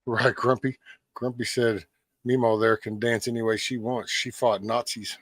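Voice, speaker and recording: A man co-hosting a casual livestream, relaxed as he reads out viewer comments and adds dry one-liners. His voice is mid-pitched and recorded close and dry, with no room around it. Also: normal speed, no echo. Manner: laid-back, reads chat messages aloud, dry jokes. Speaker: livestream co-host.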